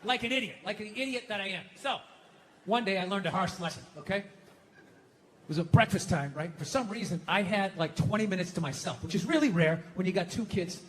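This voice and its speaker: A middle-aged man doing a stand-up comedy routine, ranting profanely and shouting at the peaks. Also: high-pitched, fairly quick, a little hiss or hum.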